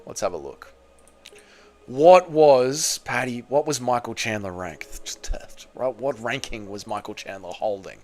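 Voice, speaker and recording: A young man hosting a casual livestream, reading chat comments and bantering loudly with sudden excited shouts and plenty of swearing. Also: mid-range voice, a little slow, slight background noise. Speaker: livestream host.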